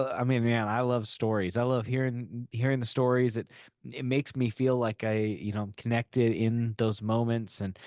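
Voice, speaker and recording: A man hosting a podcast interview, speaking earnestly and haltingly, with many restarts. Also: medium pitch, a little mellow, no room sound, studio quality. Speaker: podcast host. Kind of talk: casual interview chat.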